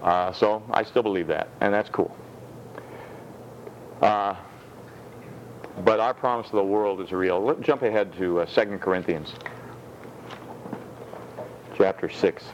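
A man preaching a sermon as a pastor, moving from lively storytelling with acted-out doctor and patient voices to measured, emphatic reading of scripture in a church hall. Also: low-pitched, slight background noise. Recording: dull lo-fi sound with faint room ambience.

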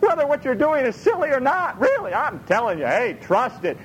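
Animated high-voiced man preaching. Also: brisk, slight background noise, poor audio. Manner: animated, acts out Bible voices, laughs often. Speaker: pastor. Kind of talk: sermon.

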